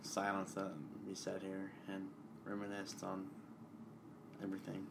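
A man co-hosting a casual podcast, trading crude, excitable banter. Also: sits low, unhurried, vocal fry, crowd noise. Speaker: podcast co-host. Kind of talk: casual chat.

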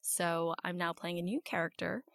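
A woman guest on a podcast, telling stories in relaxed casual chat with frequent fillers. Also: lowish voice, normal speed, creaky, no room sound. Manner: relaxed storytelling with many fillers.

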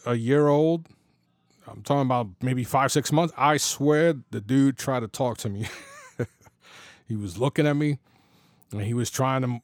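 A man's voice: mid-range voice, a little mellow, no echo, studio quality. A middle-aged man telling a personal story in a loose, conversational way, full of slang and fillers, acting out the dialogue he quotes. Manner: loose and conversational, many "you know" fillers, slang and swearing.

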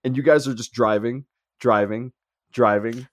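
A man's voice: mid-range voice, fairly even intonation, normal speed, dry recording. A man telling a funny story in a casual chat with friends, laughing often as he goes.

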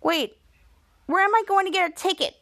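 A bossy little girl who whines and pleads, then snaps at her brother, as a woman puts her on. The voice sits very high and sounds dry and close. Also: normal speed, fairly bright tone, no echo. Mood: snappish. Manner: pleading and snappish. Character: young girl, bossy and whiny.

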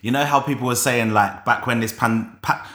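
Bright-voiced man in a roomy studio. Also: medium pitch, normal speed. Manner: animated, playful banter. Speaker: podcast co-host. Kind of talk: casual chat.

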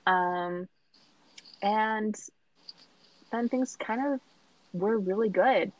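A woman's voice: mid-range voice, extremely slow. A young woman telling her own story as an interview guest, chatty and laughing often, with lots of fillers. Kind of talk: casual personal storytelling. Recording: slightly dull lo-fi sound.

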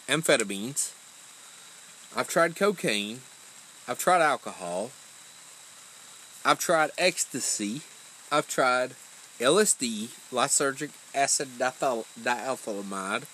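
A man's voice: medium pitch, animated, slow, long pauses, bright, forceful tone, slight background noise, poor audio. A man in his forties hosting a casual chat, blunt and emphatic, swearing constantly. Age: 40s. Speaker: podcast host.

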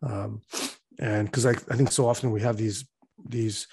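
A man's voice: on the low side, steady tone, a little slow, gravelly, a little mellow, breathy edge, no room sound. A young man talking in a loose, rambling way, full of fillers, laughing as he tells stories. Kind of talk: casual chat.

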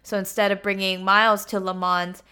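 A woman recounts a movie's story in a loose, chatty way, leaning on filler words as she goes. Her voice is bright and crisp, sitting at an ordinary pitch. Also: flat delivery, moderate pace. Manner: chatty, with frequent 'like' and 'you know'. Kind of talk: casual film plot retelling.

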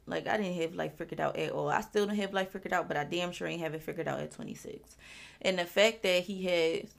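A woman's voice: low-pitched, creaky. A woman in her twenties hosting a podcast, talking candidly and casually about family, swearing freely and using many fillers. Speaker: podcast host. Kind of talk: personal reflective monologue.

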